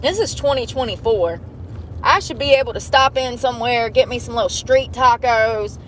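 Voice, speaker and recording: A young woman rambles to her phone camera from inside a car, blunt and full of swearing as she complains. Her voice sits fairly high, and a faint hum of the car runs under it. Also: normal speed, a bit bright. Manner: blunt, heavily profane and complaining. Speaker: vlogger. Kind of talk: casual rambling monologue.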